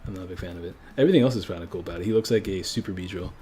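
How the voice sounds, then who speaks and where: Rambling low-voiced male streamer. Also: very fast, mellow. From French-speaking country. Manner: rambling, self-correcting, chuckles often. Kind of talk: casual livestream commentary.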